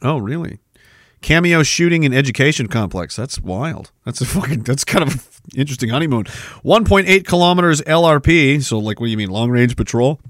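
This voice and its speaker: A man's voice: mid-range voice, expressive, a little fast, fairly bright tone, dry recording. A young adult man hosting a casual livestream podcast, reading chat comments and talking bluntly with a combative, swearing manner.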